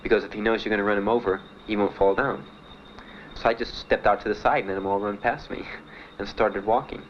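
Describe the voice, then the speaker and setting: A man being interviewed about his time in the service, telling his story in a halting, plainspoken way with many fillers. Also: lowish voice, steady tone. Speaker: veteran interviewee. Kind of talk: documentary interview. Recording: dull archival recording with faint hiss.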